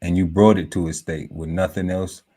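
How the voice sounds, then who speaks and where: A man hosting a casual podcast panel. He slowly reads through lists of words, musing aloud and breaking into laughter now and then. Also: low voice, little pitch movement, dark tone. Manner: slow, musing list-reading broken by laughter and asides.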